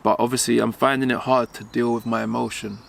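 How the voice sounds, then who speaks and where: A young man vlogging while walking outdoors, speaking haltingly as he holds back tears, with many pauses and fillers. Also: medium pitch, flat delivery, gravelly, a little hiss or hum. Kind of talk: emotional personal vlog.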